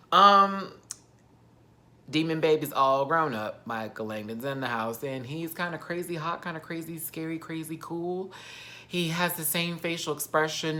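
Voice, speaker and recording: A man's voice: on the high side, bright, forceful tone. A man ranting through a TV recap in a sassy, campy, theatrical way. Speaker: TV recap vlogger. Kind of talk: animated TV recap rant.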